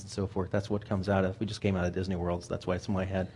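A man's voice: fairly low pitch, steady tone, quick pace, few pauses, darkish tone. A man preaching a sermon in a conversational way, often repeating words as he thinks aloud.

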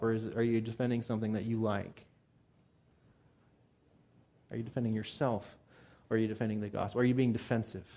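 Animated man preaching a casual sermon. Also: medium pitch. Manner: conversational and animated, gets fired up. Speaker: pastor.

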